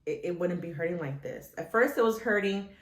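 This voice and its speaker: A woman's voice: lowish voice, expressive, brisk. A woman in her thirties vlogging casually about her recovery, rambling with many restarts, her chest sore after surgery. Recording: echoey room.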